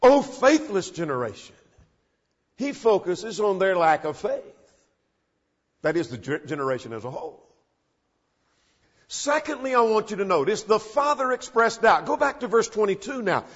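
A man preaching an expository sermon, retelling the text with emphatic rises and soft drops. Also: sits high, husky. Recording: dull lo-fi recording in a reverberant church hall.

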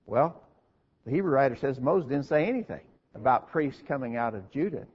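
Husky man preaching a sermon. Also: mid-range voice, expressive, fairly quick. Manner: earnest, explanatory, asks and answers his own questions. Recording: dull lo-fi recording.

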